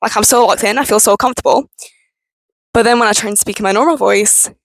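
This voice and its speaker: A woman's voice: mid-range voice, no room sound, poor audio. Frank young woman, strained voice. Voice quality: strained, tense voice. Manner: frank, swears freely, halting restarts. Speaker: vlogger. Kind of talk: candid personal talk to camera.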